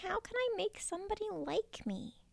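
A woman's voice: high voice, very animated, unhurried, vocal fry, no echo, pitched above the performer's own voice, exaggerated voice. A woman voicing a shy, lonely young turtle boy who speaks timidly with a quavering voice, in a storybook reading.

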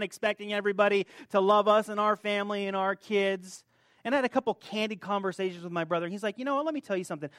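A middle-aged man preaching a sermon, swinging between soft asides and loud, high outbursts. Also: no echo, clean studio sound. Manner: animated, rises loud and high when acting out stories. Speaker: pastor.

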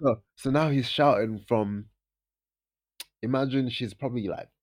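A man's voice: mid-range voice, a little slow, darkish tone. A young man, casually telling a story on a podcast and acting out his friends' lines in raised voices. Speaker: podcast host.

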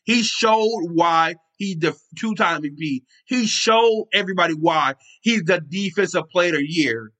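A man on a sports podcast talks with open passion, piling on repeats and the odd curse word. His voice sits a bit high and comes across bright and forceful. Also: unhurried, hardly any pauses. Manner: passionate, emphatic, swears and repeats himself. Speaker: podcast host. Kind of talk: excited sports talk.

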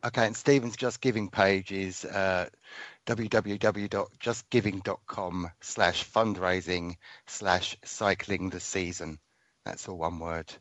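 A man's voice: deep voice, fairly even intonation, measured pace, fairly bright tone, no room sound. A man hosting a casual radio interview, talking with many hesitant fillers. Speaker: radio host.

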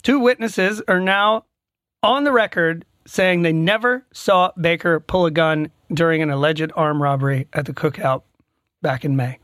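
A man's voice: on the high side, fairly bright tone, no echo, studio quality. A man co-hosting a podcast in casual chat who often stammers and restarts his sentences. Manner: stammers and restarts, quick laugh. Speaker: podcast co-host.

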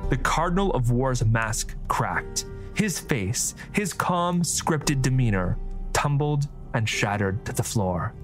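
Man narrating fantasy with expressive pitch. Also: takes it slowly, soft background music. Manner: theatrical, expressive delivery.

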